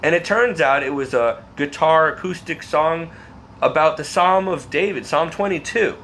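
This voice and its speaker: A man's voice: fairly high pitch, moderate pace, a bit bright, slight background noise. A man vlogging a personal faith testimony, talking earnestly and emotionally, rambling and restarting his sentences. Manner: restarts and repeats words.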